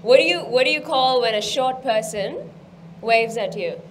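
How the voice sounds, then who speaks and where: Lively woman telling hesitant jokes. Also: fairly high pitch, normal speed, a little hiss or hum. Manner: hesitant, giggling. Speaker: comedy guest.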